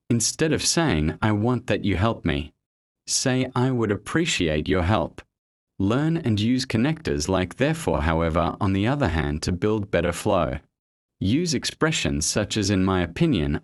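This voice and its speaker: A man narrates a scripted motivational lesson with a lower voice that rises and falls with lively intonation. His delivery is measured and emphatic, each point landing with deliberate weight.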